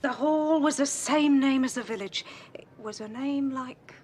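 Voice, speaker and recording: A prim, efficient secretary with a high voice. She speaks neatly, with a light teasing edge. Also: unhurried, darkish tone.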